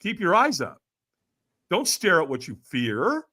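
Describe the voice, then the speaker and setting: A middle-aged man tells a personal story as a podcast guest in a high, forceful voice. His pitch leaps around as he acts out what other people said. The telling stays animated from line to line. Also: unhurried. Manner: acts out quoted voices with big swings.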